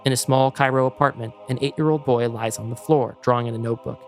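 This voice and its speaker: Male podcast co-host, mid-pitched, measured screenplay reading, faint music underneath. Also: fairly even intonation.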